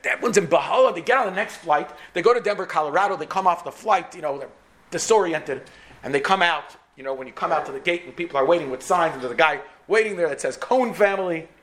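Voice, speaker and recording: A man's voice: fairly high pitch, fast, fairly bright tone. A man telling a sermon story dramatically, with repetition, acting out the dialogue.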